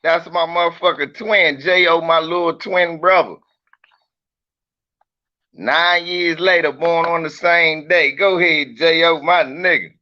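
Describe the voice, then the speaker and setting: A man's voice: a little high, steady tone, measured pace, pushed and bright, highs cut off. A man chatting on a livestream in a brash, profane, joking way and teasing his viewers. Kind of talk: casual livestream chat.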